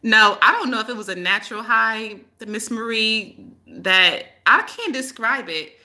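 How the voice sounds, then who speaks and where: A woman's voice: a little high, a little slow, bright, forceful tone. A woman hosting a casual live-stream chat as a spiritual healer, rambling and laughing often as she tells stories.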